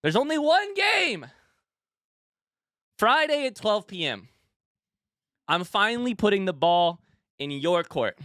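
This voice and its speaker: A young male streamer with a slightly high voice, recorded close and dry on a desk mic. He talks like a hype announcer, then drops into quick, casual replies to chat. He is out of breath from all the excitement. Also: no room sound. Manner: excitable, hyped announcer delivery that shifts to quick casual asides. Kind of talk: live stream chat with viewers.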